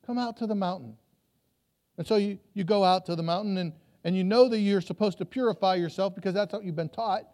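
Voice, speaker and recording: High-pitched guy preaching in church, tells the story and does the crowd's voices. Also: darkish tone. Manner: storytelling, acts out crowd voices, repeats words. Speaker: pastor. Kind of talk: sermon.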